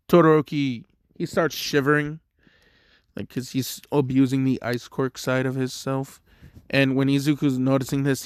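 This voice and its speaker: A man's voice: mid-range voice, clean tone, no room sound, studio quality. Laid-back young man rambling a story. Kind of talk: casual fan-fiction storytelling.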